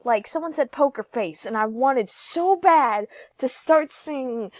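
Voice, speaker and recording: A woman's voice: a little high, animated, a little slow, few pauses, a little mellow, no echo. A young woman giving giggly, playful gameplay commentary, sometimes singing or whispering. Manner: giggly, playful, drifts into sing-song and whispers. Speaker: gaming YouTuber.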